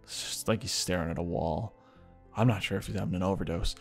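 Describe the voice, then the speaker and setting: A man's voice: low voice, steady tone, quick pace, creaky, soft background music. A young man casually telling a story about an odd neighbor, swearing often and muttering asides.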